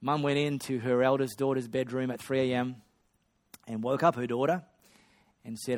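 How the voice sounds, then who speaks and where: A man preaching a sermon, swinging between loud excitement and hushed storytelling. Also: mid-range voice, unhurried, pauses often. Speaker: pastor.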